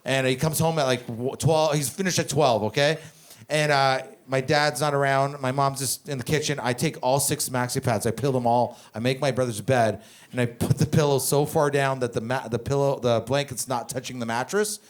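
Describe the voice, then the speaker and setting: A man in his twenties from Canada doing stand-up, telling family stories in a profane, animated, rambling way. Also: medium pitch, moderate pace. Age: 20s. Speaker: stand-up comedian. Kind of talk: stand-up comedy storytelling.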